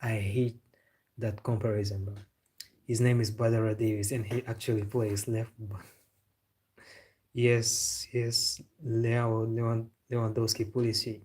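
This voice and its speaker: Low, flat-voiced man from Senegal. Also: measured pace, slightly rough. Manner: laid-back, joking, says "bro" often. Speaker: football live stream host. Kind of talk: casual live-stream chat, reading and answering viewer comments.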